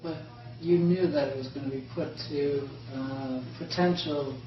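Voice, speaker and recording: A male interviewer asks probing follow-up questions. His voice sits a little high and comes through dull and distant. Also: steady tone, measured pace, slight background noise.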